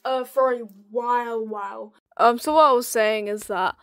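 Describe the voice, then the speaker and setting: A young woman giving a casual tour of her sketchbook, excitable and giggly, sounding tired. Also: on the high side, normal speed, smooth. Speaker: art student showing a sketchbook.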